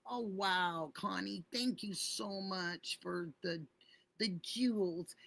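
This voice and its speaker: A middle-aged woman hosts a casual livestream, gushing thanks to viewers one by one. Her voice has a gravelly, creaky texture, and she talks slowly and unhurriedly. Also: mid-range voice, fairly bright tone. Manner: effusive, chatty, thanks viewers by name. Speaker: livestream host.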